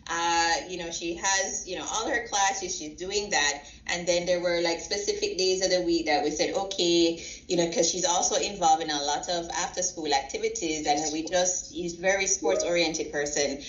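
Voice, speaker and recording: Animated storytelling mother, roomy sound. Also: on the low side, moderate pace, few pauses. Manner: animated storyteller acting out quotes. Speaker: guest parent. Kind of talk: casual interview. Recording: roomy, slightly dull sound.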